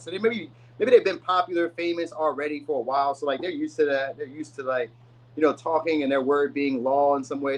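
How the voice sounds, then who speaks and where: A man's voice: on the high side, rough recording. A man giving a casual, rambling tarot reading. He uses slang and often says "you know what I mean.". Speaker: tarot reader.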